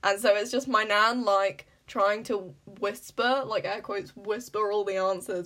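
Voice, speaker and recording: A woman's voice: mid-range voice, steady tone, a little slow, few pauses, fairly bright tone. A young woman co-hosting a casual chat podcast, telling family stories with dry humour and frequent laughs. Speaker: podcast co-host.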